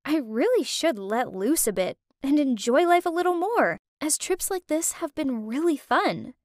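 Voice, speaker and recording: Young woman telling a drama story, high and lively, dry recording. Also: normal speed, no room sound. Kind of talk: first-person story narration.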